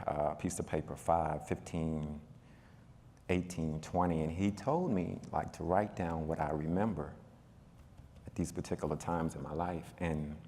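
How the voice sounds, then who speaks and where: A man on a panel telling a personal story, talking in a relaxed, conversational way with a lot of fillers. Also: low-pitched, slight background noise. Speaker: panel speaker. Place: event hall. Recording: reverberant hall.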